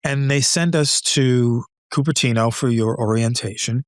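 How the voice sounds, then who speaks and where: A man's voice: medium pitch, unhurried, no echo, studio quality. An older man, a retired engineer, telling stories as a podcast guest, acting out the voices of others and laughing often. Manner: animated storyteller, acts out dialogue, laughs often. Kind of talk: conversational storytelling.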